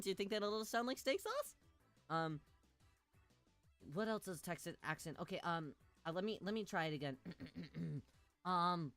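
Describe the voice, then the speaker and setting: Bright-voiced, giggly woman streamer. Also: on the low side, normal speed, faint music behind. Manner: playful and giggly, mixes reading with jokes. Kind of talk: game playthrough commentary, reading narration aloud.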